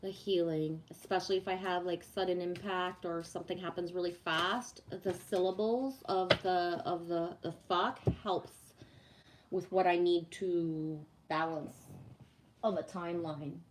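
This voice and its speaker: A woman's voice: fairly low pitch, fairly even intonation, measured pace, slight background noise. A woman livestreaming casually to viewers, ranting bluntly and swearing freely, then reading oracle cards. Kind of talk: casual live chat with viewers.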